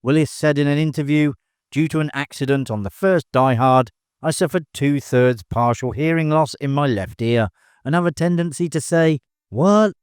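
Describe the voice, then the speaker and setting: A man narrating a movie trivia video in an even, measured scripted delivery. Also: on the high side, clean tone, no room sound, clean studio sound.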